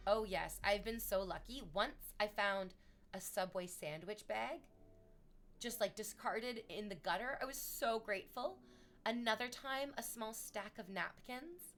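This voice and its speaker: A young adult woman, chatting casually on a stream, rambling and self-deprecating with loud outbursts. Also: medium pitch, unhurried, slight background noise.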